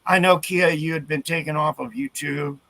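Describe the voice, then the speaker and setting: A man talking earnestly as a guest in a casual video chat, halting and restarting his sentences often. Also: on the high side, creaky, sharp tone.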